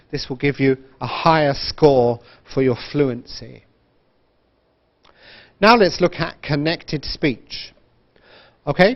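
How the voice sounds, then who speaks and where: A man's voice: a little high, muffled recording. A man from Britain teaching an online English exam-prep lesson, drilling phrases with wide intonation and often checking in with "right?". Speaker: IELTS teacher.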